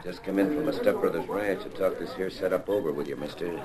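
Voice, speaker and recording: A shifty, cowardly ranch hand voiced by a man in an old radio western. His voice is very deep and he drawls his lines with a sly, defensive edge. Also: fast talker, over a noisy crowd, natural voice. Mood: sullen. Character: shifty, cowardly frontier schemer, adult man.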